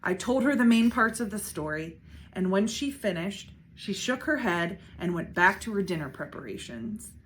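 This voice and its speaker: A woman reads a children's chapter book aloud with a lively, expressive voice. Her pitch moves up and down freely as she tells the story. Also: normal speed, slight background noise. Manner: expressive, shifting voices for characters. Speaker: school principal reading aloud.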